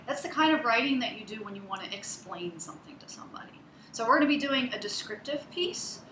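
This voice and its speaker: A woman's voice: medium pitch, bright, forceful tone, a little hiss or hum. A woman teacher giving a one-on-one reading lesson, explaining things patiently, step by step. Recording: echoey room.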